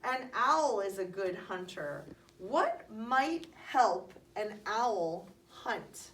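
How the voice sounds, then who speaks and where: A woman teaches a class of young children, patient and encouraging as she asks questions and calls on them. Her voice sits at an ordinary middle pitch. It comes from a little way off the mic, with a faint hiss of background noise. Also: lively intonation, extremely slow, a bit bright, far from the mic.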